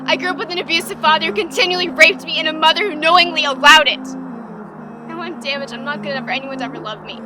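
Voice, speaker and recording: A woman's voice: high voice, fast talker, distant mic, noisy background, lightly acted. An actress playing a young woman who answers an accusation with hurt and anger. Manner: soft, then hurt and indignant.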